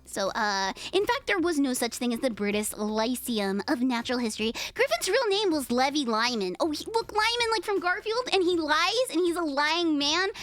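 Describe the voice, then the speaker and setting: A young woman hosting a livestream, reading aloud and chatting with her viewers, animated and profane. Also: high-pitched. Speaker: livestream host. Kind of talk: reading and chatting with live chat.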